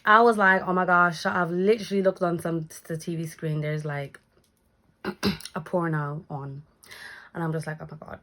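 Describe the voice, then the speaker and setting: Animated woman telling a story. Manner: animated, acts out quotes with big pitch jumps. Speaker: vlogger. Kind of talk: casual storytime chat.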